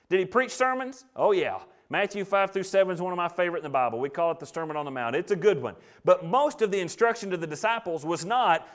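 A middle-aged male preacher delivers a sermon in a voice pitched a little high. He is animated, acts out the people he quotes, and swings from loud, ringing lines to quiet, hushed asides.

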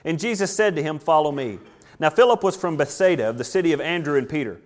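Animated preaching man. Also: a little high, quick pace. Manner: animated preaching with acted-out quotes. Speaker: pastor. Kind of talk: sermon.

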